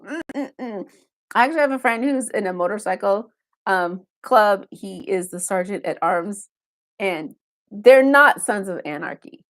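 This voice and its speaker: A woman's mid-range, expressive voice unfolds unhurriedly as she hosts a laid-back live stream in her home basement. Going through viewer chat comments one at a time, she chats loosely and makes self-deprecating remarks.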